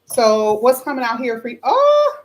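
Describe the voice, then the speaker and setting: A woman giving a tarot card reading to her viewers, chatty and animated, her voice a little hoarse. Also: mid-range voice, moderate pace, slight background noise, rough recording. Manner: animated, excited exclamations, chatty asides to viewers. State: slightly hoarse. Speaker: tarot reader.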